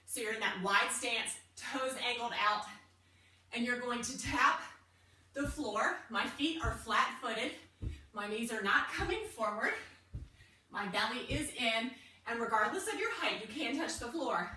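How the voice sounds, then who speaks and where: A young woman leads an at-home workout in a bright, lively voice, cheering the listener on while catching her breath between moves. Her voice is fairly high and sharp. It bounces around an echoey room, heard from some way off the mic. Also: a little slow, distant mic, a little hiss or hum. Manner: upbeat, encouraging, chatty between moves. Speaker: fitness coach.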